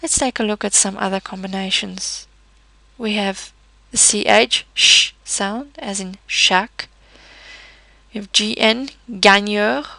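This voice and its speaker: A woman teaching a French pronunciation lesson in a patient, methodical way, slowing down to model each word. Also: mid-range voice, vocal fry, bright, forceful tone, no room sound. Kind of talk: explanatory language lesson.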